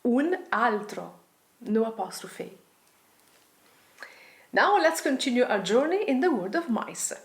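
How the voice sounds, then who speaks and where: A woman's voice: on the high side, sing-song, measured pace, long pauses. A woman teaching a language lesson, reading example phrases aloud and then translating and explaining them. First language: Italian.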